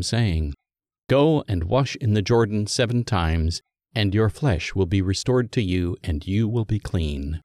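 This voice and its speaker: A man giving a scripted liturgical Bible reading in a measured, solemn manner that lifts for quoted speech. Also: fairly low pitch, a little mellow, dry recording, clean studio sound. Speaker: scripture reader.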